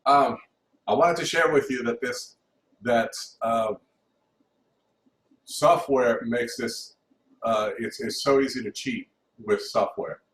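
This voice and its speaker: A man teaching music theory in an informal recorded lesson, talking haltingly with many restarts and counting beats aloud. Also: medium pitch, a bit bright. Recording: roomy, distant mic, faint hum.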